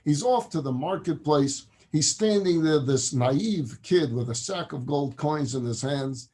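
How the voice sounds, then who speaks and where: Rabbi telling a story in class, lively, acts out the characters, a bit high pitched. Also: male voice, a little slow. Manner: animated, acts out the parable's characters. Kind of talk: storytelling lecture.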